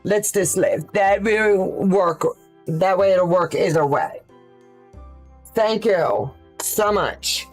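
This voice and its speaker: Slow, chatty woman quilting live. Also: medium pitch, lively intonation, soft background music. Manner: chatty, thinks aloud with fillers, answers viewer questions. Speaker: quilting livestream host. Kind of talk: casual live sewing demonstration.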